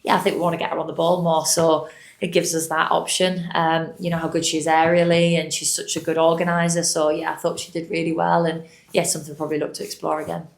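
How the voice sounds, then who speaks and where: A woman football manager giving measured, positive answers at a post-match press conference. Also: deep voice, flat delivery, gravelly. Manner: measured and positive, with many fillers.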